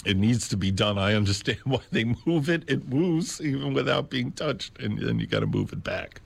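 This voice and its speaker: A man hosting a radio show from a studio, talking in an unscripted way and slowly spelling out catalog numbers. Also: medium pitch, animated, gravelly, slightly rough. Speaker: radio host. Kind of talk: unscripted radio talk about records. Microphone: studio mic on a stand.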